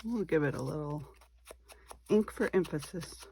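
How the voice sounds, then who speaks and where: In this relaxed craft demonstration, a woman talks through each step, musing aloud as she goes and laughing off her own mistakes. She has a low, creaky, warm voice that stays lively at a normal speed. There's a slight background noise.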